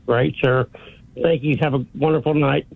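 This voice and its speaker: Gravelly male caller on a tinny phone. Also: mid-range voice, steady tone, moderate pace, no echo. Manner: friendly, asks direct questions. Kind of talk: call-in question. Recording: tinny dry phone line.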